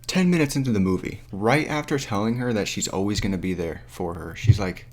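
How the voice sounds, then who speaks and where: A man's voice: fairly low pitch, brisk. A young man ranting in a casual, foul-mouthed, exasperated way about a movie into his camera. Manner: profane, exasperated, animated. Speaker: vlogger. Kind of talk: casual movie review rant. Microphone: camera mic.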